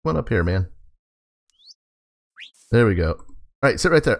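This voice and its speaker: In this casual let's play, a male gaming host talks to the animals in his game and laughs frequently. His medium-pitched voice swings widely in pitch, and his pace is a little slow.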